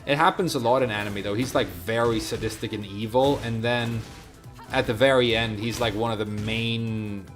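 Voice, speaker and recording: A man's voice: fairly low pitch, steady tone, normal speed, a bit bright, faint music behind. A man from Sweden, chatting casually as a game streamer, rambling from one thought to the next and answering his chat.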